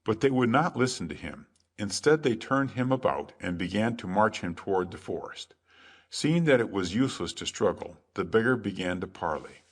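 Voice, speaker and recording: A man reading a classic adventure tale aloud as calm, measured sleep story narration. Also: fairly low pitch, husky. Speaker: audiobook narrator.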